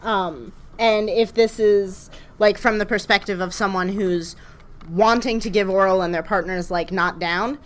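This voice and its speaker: A woman's voice: mid-range voice, steady tone, unhurried. A young woman co-hosting a podcast recorded live, talking frankly and chattily and laughing easily. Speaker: podcast co-host. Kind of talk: casual live podcast chat. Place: live event room.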